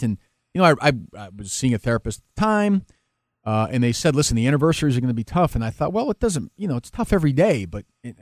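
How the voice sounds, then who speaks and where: Man, radio host as interview guest, halting restarts, emotional, dry close sound, mid pitch. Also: a little mellow, dry recording. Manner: halting, many restarts, emotional and self-critical. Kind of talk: candid interview conversation.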